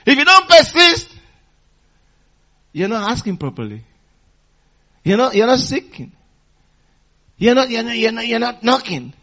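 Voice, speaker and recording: A man preaching a sermon in a call-and-response manner, repeating phrases for emphasis and swinging between loud exhortation and quiet teaching. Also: very high voice, sing-song, normal speed, pauses often.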